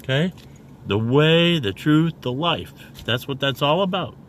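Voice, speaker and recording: A man preaching casually in a video, rambling and repeating "okay?" after each point and spelling words out slowly. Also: on the high side, expressive, a little hiss or hum. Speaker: self-made online preacher.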